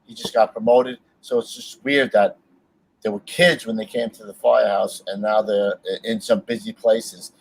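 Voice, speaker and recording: Brief: New firefighter podcast co-host, man, lively war-story teller. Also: lowish voice, moderate pace, vocal fry, low-quality recording. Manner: animated, swears freely, laughs while telling stories. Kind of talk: casual chat, storytelling.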